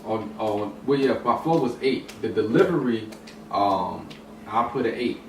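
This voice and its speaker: A man's voice: fairly low pitch, lively intonation, measured pace. Rambling man, distant echoey mic. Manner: rambling, many restarts and fillers. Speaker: hip hop discussion panelist. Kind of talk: casual discussion. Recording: roomy echo, distant mic, some noise.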